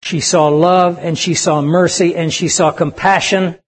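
A man's voice: on the high side, steady tone, a little slow. A man preaching a sermon to young people, emphatic and asking the audience questions. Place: church service with audience.

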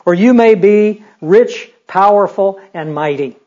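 A man's voice: sits high, unhurried, a little mellow. A male pastor preaching a sermon in a conversational, humorous way, full of rhetorical questions. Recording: dull lo-fi recording.

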